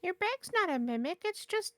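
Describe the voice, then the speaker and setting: A woman playing a tabletop game, talking in a lively, exasperated way in casual chat. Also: extremely high pitch, moderate pace, crowd noise. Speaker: player.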